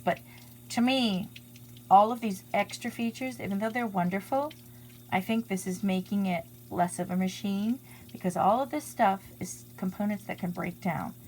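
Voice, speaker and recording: A woman's voice: lowish voice, vocal fry, a little mellow, a little hiss or hum. A woman in her fifties giving a blunt, opinionated home review of an appliance, talking as she demonstrates it, recorded on an iPad in her laundry area. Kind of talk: casual product review demonstration. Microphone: iPad on a stand.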